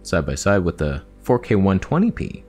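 Young male vlogger, animated, cussing, self-talking, lively pitch. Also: moderate pace, husky, soft background music. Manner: animated, swearing, talks to himself. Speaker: camera reviewer. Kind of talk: casual vlog commentary.

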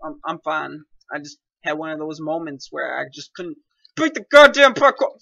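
A young man with a high, sharply bright voice complains and jokes his way through a game, excitable and quick to mock himself. The recording is dry and close. Its sound is dull and lo-fi. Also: creaky, dry recording. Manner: excitable, complaining, self-mocking. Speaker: gaming commentator. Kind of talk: casual gameplay commentary.

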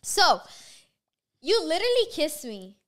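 Bright, high-voiced woman telling a story fast. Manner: fast, profane, animated storytelling. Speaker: podcast host. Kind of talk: casual storytelling chat.

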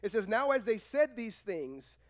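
A male pastor delivers a sermon in a church, his voice sitting high and leaping up and down in lively swings. He acts out the voices of the people he quotes. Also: a little slow. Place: church sanctuary.

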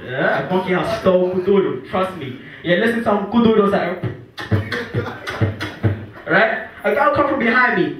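A man, doing excitable, self-mocking stand-up comedy at a live venue. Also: sits high, normal speed, long pauses, a crowd in the background. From Angola. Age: 20s. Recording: distant, echoey live room, audience noise.

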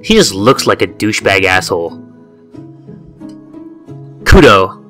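A man's voice: lowish voice, a little slow, faint music behind. A man hosting a let's-play video, joking and swearing while he reads the game's text aloud. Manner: animated, jokey and profane, slipping into silly voices. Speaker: gaming video host.

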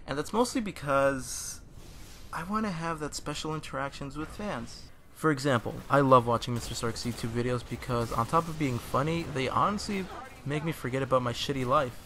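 A man's voice: mid-range voice, a little fast, fairly bright tone, a little hiss or hum. A young man hosting a gaming channel, talking casually and jokily over gameplay in a rambling, self-deprecating way.

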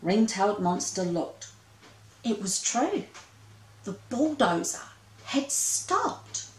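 Woman storyteller, slow and expressive children's read-aloud, echoey room, off-mic. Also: medium pitch, a little hiss or hum.

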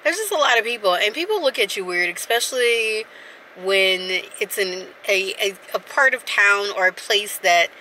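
A woman's voice: medium pitch, animated, normal speed, bright, forceful tone, a little hiss or hum. A woman, chatting casually and rambling to her viewers in a vlog. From South Carolina. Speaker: vlogger.

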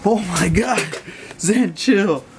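A man's voice: sits high, expressive, slow. A man vlogging casually on a handheld camera, chatting and joking with his partner and dog. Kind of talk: casual vlog chat. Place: outdoors at parks and at home. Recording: outdoor noise in background.

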